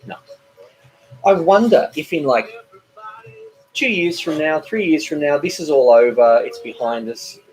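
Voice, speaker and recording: A man's voice: on the high side, a little slow, long pauses, darkish tone, faint music behind, poor audio. A middle-aged man hosting a casual live stream from home, reading viewer comments aloud, rambling and stumbling over repeated words. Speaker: cooking channel host.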